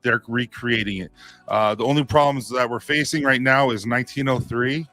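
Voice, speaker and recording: A man's voice: mid-range voice, normal speed, bright, forceful tone. A man hosting a casual livestream for his beard care products, rambling and laughing easily as he talks. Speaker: beard care company owner, livestream host.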